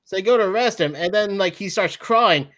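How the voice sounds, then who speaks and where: A man's voice: high voice, a little fast, sharp tone. Young man with wry, crude commentary. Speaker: podcast co-host. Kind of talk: casual comedic film review chat.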